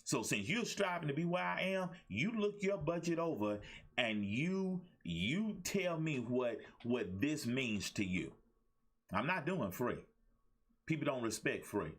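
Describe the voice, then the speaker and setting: A man's voice: mid-range voice, lively intonation, measured pace, fairly bright tone, slightly rough. A man hosting a livestream talk show as a life coach, preaching about relationships with repetition and call-and-response asides.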